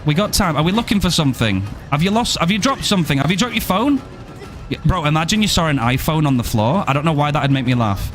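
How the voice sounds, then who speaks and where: A man's voice: a little high, lively intonation, quick pace, fairly bright tone, faint music behind. A young man streaming a game, joking around and swearing casually as he plays. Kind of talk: live gameplay commentary.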